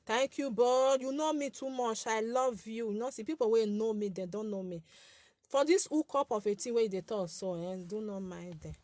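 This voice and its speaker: A woman's voice: fairly high pitch, normal speed, darkish tone, no room sound. A woman in her forties with a Nigerian accent and a light, girlish voice, hosting a casual live chat with her followers. She talks in a chatty, scolding way, repeats herself and laughs often. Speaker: social media page host.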